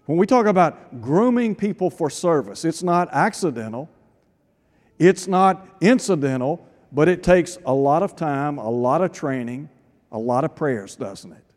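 A man preaching a sermon, reading scripture aloud and slowing down on key phrases for emphasis. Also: a little high, darkish tone. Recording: long hall reverb.

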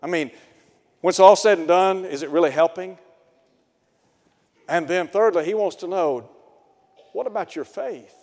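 A man's voice: high-pitched, moderate pace, pauses often, darkish tone. A man preaching a sermon in an earnest way, asking his listeners rhetorical questions. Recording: long hall reverb.

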